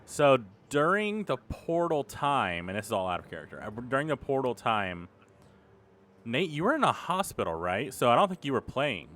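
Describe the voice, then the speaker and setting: A man's voice: medium pitch, very animated, normal speed, fairly bright tone. A man chatting casually as a player at a tabletop game, easygoing and laughing often. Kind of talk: casual chat while playing a tabletop game.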